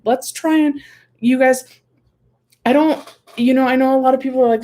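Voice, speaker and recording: A woman's voice: high-pitched, fairly even intonation, fairly quick, pauses often, mellow. A woman hosting an emotional home livestream, rambling and frustrated, close to tears, talking into a computer mic. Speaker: livestream host. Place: home room.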